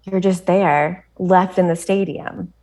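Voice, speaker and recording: An American woman guest on a podcast, telling a story with animated energy and a stream of "like" fillers, laughing often. Her voice sits somewhat low for a woman. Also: takes it slowly. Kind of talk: casual chat.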